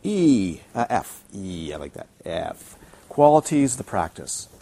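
A man teaching a dharma talk to retreat students, playful and animated, repeating words for emphasis and mimicking his students. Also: on the low side, unhurried, vocal fry, slightly rough. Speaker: Buddhist teacher. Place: retreat centre teaching hall.

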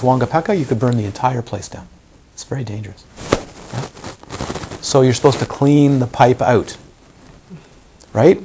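A man's voice: mid-range voice, a little mellow, slight background noise. A man giving a meditation teacher's live talk to a group, often questioning the audience and acting out examples.

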